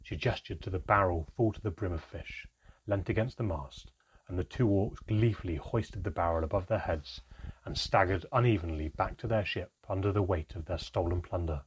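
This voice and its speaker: A man tells a first-person adventure tale in a measured, reflective way. His voice sits low and comes out husky. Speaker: narrator. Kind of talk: first-person story narration.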